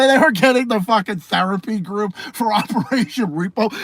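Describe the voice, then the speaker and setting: A man with a high-pitched, fairly bright voice, recorded dry, hosts a late-night livestream podcast. He's a podcast host and streamer who rants casually, swears heavily, repeats himself, and laughs often.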